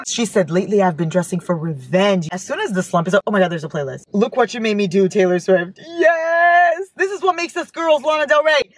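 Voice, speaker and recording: A woman's voice: on the low side, husky, dry recording. Gushing woman unboxing book mail. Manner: gushing, excitable, swooping up into squeals. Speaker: book vlogger opening fan mail. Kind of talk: casual chat. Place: inside a parked car.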